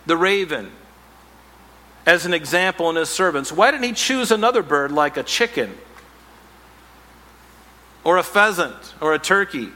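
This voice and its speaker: A male pastor preaching a sermon, animated, with playful asides and self-mocking humor. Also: fairly high pitch, long reverb tail.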